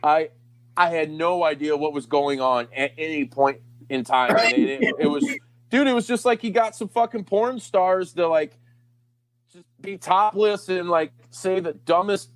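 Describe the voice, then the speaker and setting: A man's voice: high-pitched, very animated, unhurried. A man hosting a podcast, telling a long story in a rambling, profane, laughing way. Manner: rambling, swears a lot, laughs often. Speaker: podcast host. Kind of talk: casual profane chat.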